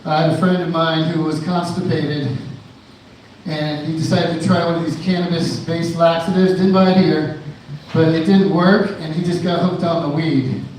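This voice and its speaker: A male stand-up comedian with a fairly high voice, rambling loosely through his set. His voice booms around an echoey bar room and comes from a mic set some distance away. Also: level tone, normal speed, a little mellow, a little hiss or hum. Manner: rambling, loose, with many fillers and restarts. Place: indoor bar venue.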